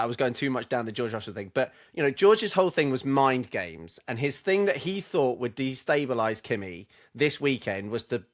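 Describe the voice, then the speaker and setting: A man co-hosting a casual racing podcast, calmly laying out his theories at length. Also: medium pitch. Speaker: podcast co-host.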